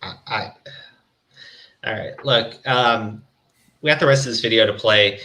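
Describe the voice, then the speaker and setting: A man's voice: on the low side, measured pace, bright, forceful tone, poor audio. A man co-hosting a stream, giving casual reaction commentary in a blunt, profane way with stammering restarts. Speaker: stream co-host.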